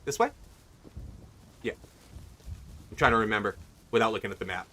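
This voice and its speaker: A man's voice: on the low side, lively intonation, normal speed, pushed and bright. A man streaming a video game, rambling casually and asking his viewers what they think. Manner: rambling, chatty, asks viewers questions. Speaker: livestreamer. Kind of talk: casual gaming commentary.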